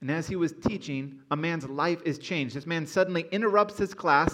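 Male pastor, fairly high voice, earnest and emphatic sermon delivery. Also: a little fast, few pauses, fairly bright tone. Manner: earnest, building to emphatic exhortation. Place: church auditorium.

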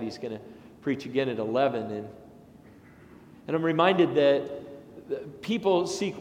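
A man, a pastor, delivering a sermon in a chatty, anecdotal way with lively asides. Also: medium pitch, a little hiss or hum. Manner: conversational and anecdotal, with animated asides. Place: large church sanctuary. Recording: echoey sanctuary with long reverb.

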